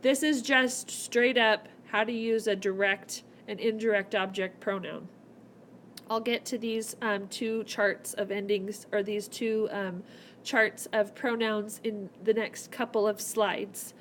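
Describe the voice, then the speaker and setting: A woman's voice: mid-range voice, fairly even intonation, slow, a bit bright, slight background noise. A woman teaching a recorded whiteboard lesson, explaining each step in a chatty way. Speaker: Spanish teacher. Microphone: laptop mic.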